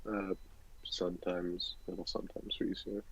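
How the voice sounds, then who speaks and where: A teenage boy being interviewed as a guest, chatting casually and making deadpan jokes. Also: low voice, measured pace, slightly rough, low-quality recording. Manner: deadpan, joking. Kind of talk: casual chat.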